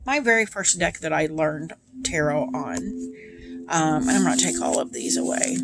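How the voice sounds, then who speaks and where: A woman's voice: sits low, animated, normal speed, vocal fry. A woman tarot reader chatting casually to her viewers, full of ums and asides. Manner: chatty, many ums, speaks of feelings. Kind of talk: casual chat to camera.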